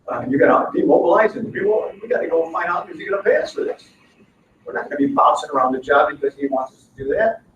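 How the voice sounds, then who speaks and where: Here the workshop trainer's voice is on the high side, heard through lo-fi sound with background noise. He animatedly acts out conversations from the workplace during a live training session, recorded in an echoey space with the mic far away.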